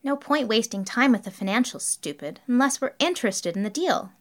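Woman voicing a pushy young guy, impatient and blunt, bouncy pitch. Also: animated, fairly quick, natural voice. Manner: impatient, blunt, name-calling. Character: impatient, brash young man, eager.

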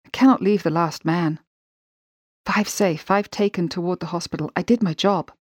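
A woman's voice: lowish voice, moderate pace, dry recording, studio quality, close to an everyday voice. Steadfast wartime ambulance driver, read by a woman. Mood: defiant.

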